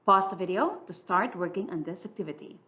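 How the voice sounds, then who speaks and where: A woman teacher giving a clear, measured, scripted English lesson narration. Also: mid-range voice, sharp tone, highs cut off. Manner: clear, instructional, measured delivery.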